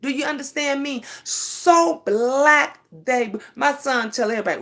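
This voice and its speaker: A middle-aged woman, telling a casual story to her viewers in an emphatic, animated way. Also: a little high, moderate pace, creaky, few pauses. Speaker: vlogger.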